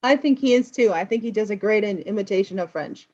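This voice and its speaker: A woman with an American accent retells a film for English learners, explaining as she goes. Her voice sits at a middle pitch and comes through a little dull and lo-fi. She talks in a casual, lively way. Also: fast. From United States. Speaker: English teacher, host.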